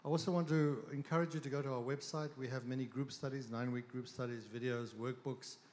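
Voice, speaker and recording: A man speaking on stage at a conference, easygoing and joking, pausing with fillers before introducing his wife. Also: medium pitch, fairly even intonation, a little mellow. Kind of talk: stage talk with joke and announcements. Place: large conference hall with audience. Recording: long hall reverb, faint crowd noise.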